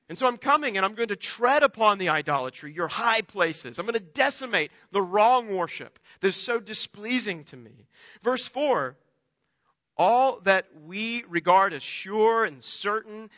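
A man delivers an earnest sermon in a high, bright voice that presses hard on each point. The sound is dry and close, with a somewhat dull, lo-fi quality. He leans into repeated rhetorical questions with real emphasis. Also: no room sound. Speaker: pastor.

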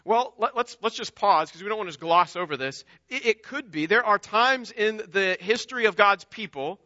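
Brief: male pastor, sermon delivery, high bright voice, earnest and emphatic, dry dull lo-fi sound. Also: lively intonation, normal speed, dry recording. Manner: earnest, emphatic, repeats words and restarts often.

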